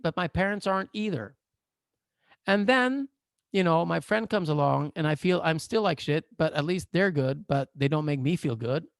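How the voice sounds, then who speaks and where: Gravelly, playful man coaching. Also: high-pitched, no echo, clean studio sound. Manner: playful, animated, jokey. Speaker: coach and therapist. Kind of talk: online workshop lecture. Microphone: video call.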